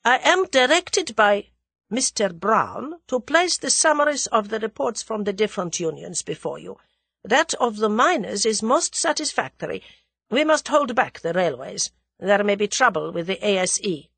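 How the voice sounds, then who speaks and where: A woman's voice: mid-range voice, very animated, normal speed, vocal fry, fairly bright tone, husky, dry recording, voice pushed up, heavily acted. Clipped german plotter voiced by a woman, formal and cold, dry sound. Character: German conspirator man, precise and formal.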